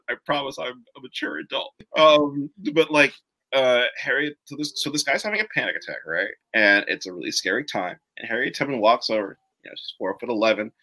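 A comic writer talking casually as a guest, animated and prone to laughing. His voice is bright and forward, and it rises and falls a great deal. He fills his speech with casual fillers. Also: mid-range voice, a little fast. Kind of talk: casual conversation.

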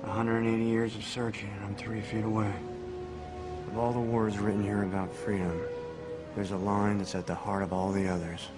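An actor playing a hushed, earnest treasure hunter in a film. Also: male voice, lowish voice, little pitch movement, brisk, over loud music, close to an everyday voice. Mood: reverent. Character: earnest male treasure hunter reading aloud. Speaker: film character. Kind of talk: film dialogue. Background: film score.

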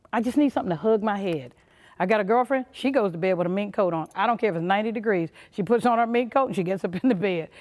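Brief: woman motivational speaker, mid-pitched, emphatic and punchy, long hall echo. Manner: emphatic, punchy, acts out little quoted voices. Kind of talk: motivational leadership talk.

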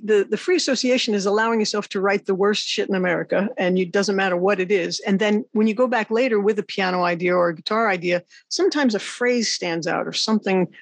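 Husky-voiced woman telling stories. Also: medium pitch, dry recording. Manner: rambling, animated storytelling. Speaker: host, songwriter and teacher. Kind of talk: casual interview chat.

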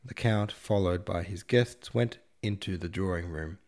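Deep creaky narrator. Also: male voice, measured pace, a little mellow. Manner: wry, slangy retelling. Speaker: podcast host reading a novel. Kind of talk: audiobook narration.

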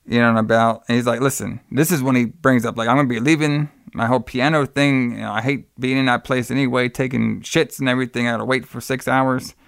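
A man's voice: mid-range voice, fairly even intonation, fast talker, vocal fry, few pauses, a bit bright, dry recording, clean studio sound. A man co-hosting a casual podcast, retelling a horror film in a loose, rambling way, swearing freely and acting out the characters' lines. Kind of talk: casual chat.

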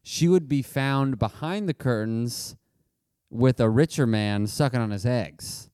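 A man's voice: medium pitch, a little slow, a little mellow, smooth, dry recording, clean studio sound. A man co-hosting a casual comedic history podcast, telling stories with playful jokey asides, recorded in a basement. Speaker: podcast co-host. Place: unheated basement.

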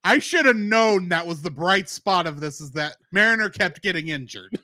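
A man's voice: high-pitched, dry recording, clean studio sound. A man co-hosting a podcast, chatting casually about a TV episode and acting out bits of dialogue. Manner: animated, acts out character lines in quick voices. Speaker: podcast co-host. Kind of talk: casual review chat.

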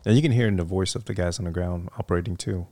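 A very deep, gravelly middle-aged man recounts his service years in a relaxed interview. He wanders through each story with ums, uhs and restarts. The sound is close and dry. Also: racing, no room sound. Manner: rambling, many fillers and restarts. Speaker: guest, retired Marine officer.

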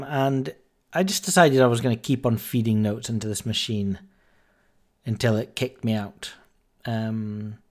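Male podcast host, mid-pitched, casual storyteller who acts out the dialogue. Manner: chatty, animated anecdote-telling with fillers and quoted dialogue.

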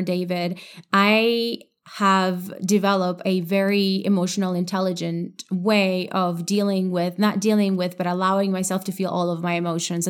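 A woman hosting a podcast, telling a personal story in an earnest, reflective way, with many "like" fillers. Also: fairly low pitch. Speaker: podcast host and coach.

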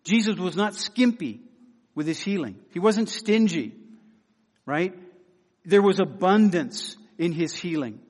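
Delivering an earnest sermon, this male preacher has a voice pitched a little high for a man and speaks animatedly, a bit slowly. He hammers home repeated phrases, slips into soft, pleading tones, and each line fades out in a long reverb.

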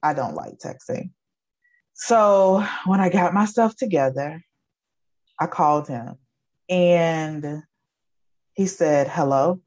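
A woman's voice: sits low, slow, pauses often, a little mellow, lo-fi sound. Earnest woman in her forties telling her story. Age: 40s. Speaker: guest, educator. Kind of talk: emotional personal testimony.

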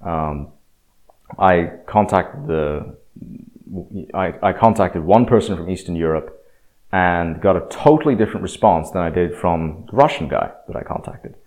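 A man's voice: low voice, lively intonation, measured pace, darkish tone. A man talking in a reflective, self-deprecating casual monologue, hesitant with many fillers and restarts. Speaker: speaker sharing experience.

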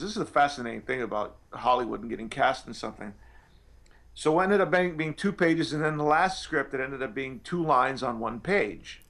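A man's voice: medium pitch, gravelly, a bit bright. A male actor telling anecdotes in an interview, rambling with many restarts and fillers. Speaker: actor guest.

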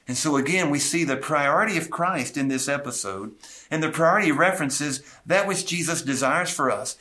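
A man's voice: a little high, normal speed, pushed and bright. A male pastor preaching an expository sermon, earnestly retelling scripture with asides and small restarts.

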